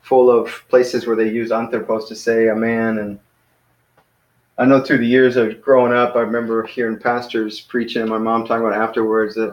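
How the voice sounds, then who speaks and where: A man's voice: medium pitch, level tone, a little fast. Man teaching a patient, casual lesson. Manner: patient, explaining step by step with many ums. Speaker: Greek teacher. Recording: echoey room.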